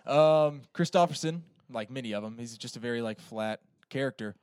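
A man's voice: medium pitch, normal speed, darkish tone, clean tone, dry recording, studio quality. A man on a film podcast reading a plot summary and adding casual remarks with fillers. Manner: reads the plot steadily, with fillers when he ad-libs.

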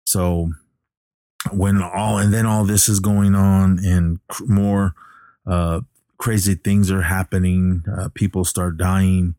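A man with a very low, mellow voice relaxedly recounts a film's plot, haltingly, with plenty of restarts and filler sounds. The audio is dry and close, without room echo.

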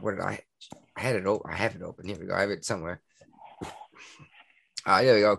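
A man's voice: deep voice, steady tone, fast talker, vocal fry, long pauses, a bit bright, husky, no echo. A man co-hosting a podcast in casual chat, rambling and sarcastic, with lots of fillers and restarts. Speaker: podcast co-host.

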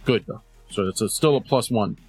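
A man's voice: on the low side, a little fast, a little mellow, husky, soft background music. A man narrating as game master, describing scenes and explaining dice rolls patiently.

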